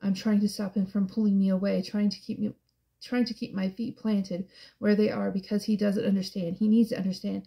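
A woman reading a first-person novel aloud as an audiobook narrator, in a hushed, tense and emotional way. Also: medium pitch, flat delivery, brisk, vocal fry.

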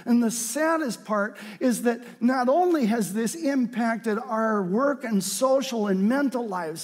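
High-voiced male pastor, earnest sermon rising to shouts, reverberant hall. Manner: swings from quiet earnest talk to fervent shouted scripture.

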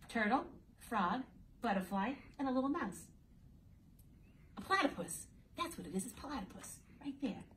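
A woman's voice: a little high, sing-song, normal speed, long pauses, fairly bright tone, slight background noise. A woman teacher reading a picture book aloud to young children in a playful, sing-song way, often speaking to them directly. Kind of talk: children's storytime read-aloud. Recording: distant mic, faint background ambience.

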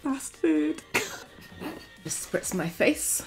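High-pitched and creaky, this young beauty vlogger's voice has a sing-song quality and drawn-out words. Over soft background music, she chats casually through a makeup challenge while applying her makeup, giggling a lot and telling cheesy jokes.

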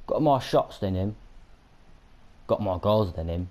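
A man's voice: fairly low pitch, animated, a little slow, dark tone. Swearing Yorkshire man ranting over a game. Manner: swearing, ranting, frequent angry outbursts. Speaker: gamer. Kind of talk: gaming commentary.

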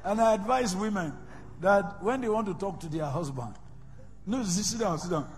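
A man with a Nigerian accent preaching a sermon, swinging between loud shouts and soft whispers. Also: high voice, normal speed. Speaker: pastor. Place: large church hall. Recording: reverberant hall with faint music.

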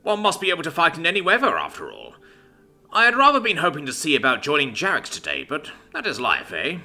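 A stiff, proper captain gives orders in a raised, lively voice, as a male narrator puts him on. His bright, forceful tone carries clipped, formal phrasing, with faint music underneath. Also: medium pitch, brisk, breathy edge, heavily acted. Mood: brisk, formal.

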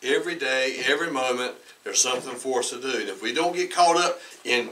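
A man, preaching a sermon as pastor and telling stories, who talks conversationally, repeats words, restarts and often clears his throat. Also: medium pitch, a little fast, hardly any pauses, distant mic, rough recording. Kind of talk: sermon with personal storytelling. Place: church sanctuary. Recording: bright voice heard from away from the mic.

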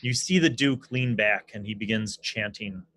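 A man narrating as game master, casual and quick to react to his players. His voice is medium-pitched and dry, with little room sound. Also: pushed and bright, no room sound.

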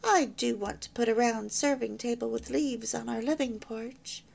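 A woman's voice: on the high side, moderate pace, creaky. A woman voicing a cheerful young newlywed housewife who chats eagerly and proudly about her home. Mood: proud, chatty. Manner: bright, chatty and eager.

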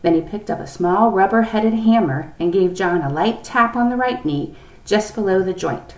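A woman reads a children's storybook aloud in an expressive, lively way. She sits a bit back from the mic, and the room gives her voice a noticeable echo. Her pitch sits in an ordinary middle range. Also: normal speed, recorded from a distance. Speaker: reader. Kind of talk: reading a children's book aloud.

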